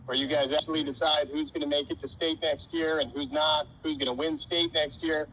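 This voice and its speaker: High-voiced coach telling a story to his team. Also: level tone, a little fast, sharp tone, slight background noise, rough recording. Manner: folksy, uses dude and man, voices characters casually. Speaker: wrestling coach. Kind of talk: motivational storytelling talk.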